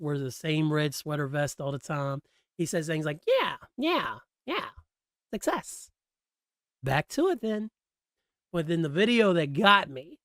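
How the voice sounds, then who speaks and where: A man hosting a solo podcast in a relaxed, slangy, rambling chat on a close mic. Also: a little high, smooth, dry recording. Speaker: podcast host.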